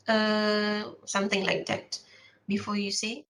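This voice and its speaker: A woman giving a classroom lecture, explaining step by step with many filler pauses and restarts. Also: medium pitch, level tone, a bit bright, rough recording.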